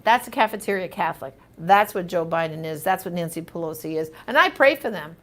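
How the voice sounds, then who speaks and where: A woman's voice: on the low side, lively intonation, a little fast, hardly any pauses, a bit bright. A woman hosting a live question-and-answer show, reading viewer comments and answering in an emphatic, indignant, chatty way.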